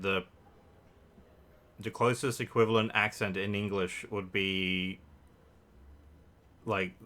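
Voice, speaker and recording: A man's voice: sits low, pushed and bright. A man rambles through casual let's-play commentary, correcting himself mid-sentence and cracking jokes. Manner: rambling, self-correcting, joking asides. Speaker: game streamer.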